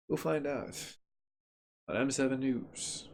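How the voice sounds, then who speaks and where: A man of medium pitch talks casually at his home computer setup. He rambles and cracks sarcastic jokes, with plenty of fillers, while he tests a graphics card. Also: unhurried, darkish tone. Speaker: gaming channel host.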